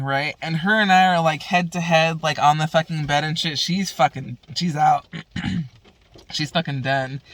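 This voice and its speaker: A woman's voice: low voice, a bit bright. A woman vlogger telling a story in casual chat, rambling and profane, full of fillers.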